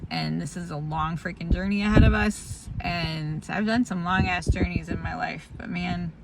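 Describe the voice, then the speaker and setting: Woman, tired, candid rambling diary talk, gravelly fry, faint noise behind. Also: lowish voice. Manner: rambling, candid, laughs through hardship. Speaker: vlogger sharing a family update. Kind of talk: casual spoken diary.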